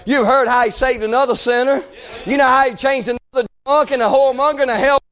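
A high-voiced, fervent shouting preacher. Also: male voice, steady tone, fast. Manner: calls out "amen" and "hey" between phrases. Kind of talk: sermon.

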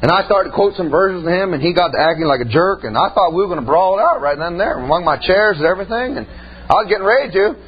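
A man's voice: high voice, expressive, quick pace, muffled recording. A male pastor preaching a storytelling sermon in a church, folksy and punctuating with amen. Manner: folksy, exclaims amen often, laughs at own stories.

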